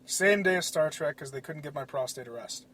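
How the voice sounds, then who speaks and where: Excitable high-voiced man, noisy background. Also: fairly quick. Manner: excitable, profane, rambling. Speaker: podcast host. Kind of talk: casual solo podcast rant.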